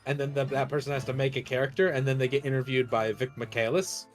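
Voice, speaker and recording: A man's voice: mid-range voice, flat delivery, fast, soft background music. Rambling, laughing male streamer. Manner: rambling, laughs often, self-interrupting. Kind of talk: casual chat while playing a game.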